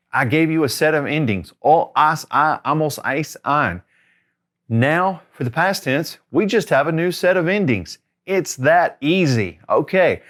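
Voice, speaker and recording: Upbeat man teaching Spanish. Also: medium pitch. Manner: upbeat, encouraging, talks straight to the learner. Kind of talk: lively classroom lesson.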